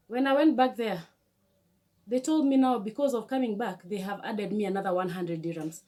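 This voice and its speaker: A young woman with a Kenyan accent, telling a storytime vlog in an animated, emotional way with many restarts. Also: mid-range voice, normal speed. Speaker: vlogger.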